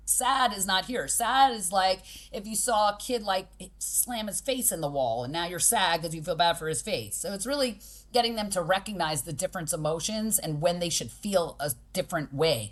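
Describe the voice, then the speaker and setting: A woman's voice: lowish voice, normal speed. A middle-aged woman, a boxing coach, talking casually on a podcast and acting out what kids and parents say. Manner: animated, acts out kids' and parents' voices.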